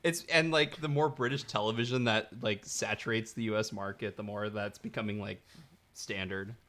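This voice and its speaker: Man, podcast co-host, bright tense voice, chatty and rambling. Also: fairly low pitch, steady tone, moderate pace. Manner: chatty, laughs often, rambling. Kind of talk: casual movie chat.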